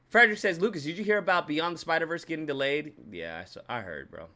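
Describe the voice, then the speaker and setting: A man's voice: on the high side, lively intonation, fast, hardly any pauses, bright, forceful tone. A young man hosting his channel, ranting with profane, exasperated commentary and mocking voices. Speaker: channel host.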